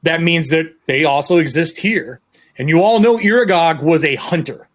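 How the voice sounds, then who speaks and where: Rambling game master man, slightly high voice. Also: normal speed. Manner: descriptive, loose, with fillers and restarts. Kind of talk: narrating a tabletop game.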